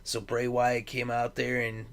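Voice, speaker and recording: Chatty young guy rambling through a recap, lots of "you know", clean smooth voice. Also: mid-range voice, completely flat delivery, a little slow, fairly bright tone. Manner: chatty, rambling, with many fillers. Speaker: wrestling commentary vlogger. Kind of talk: casual recap and opinion.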